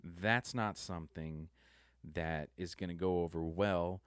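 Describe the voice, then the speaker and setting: Deep, slow, subdued young man. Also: steady tone, clear, resonant tone, no room sound, studio quality. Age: young adult. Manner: subdued, rambling, halting. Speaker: vlogger. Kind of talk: confessional monologue.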